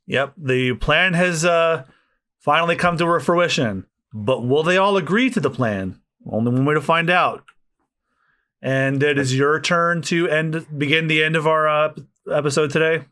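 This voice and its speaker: A man co-hosting a podcast, reading a manga aloud with asides, in an animated way. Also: a little high, measured pace. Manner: animated, reads with asides and laughs. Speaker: podcast co-host.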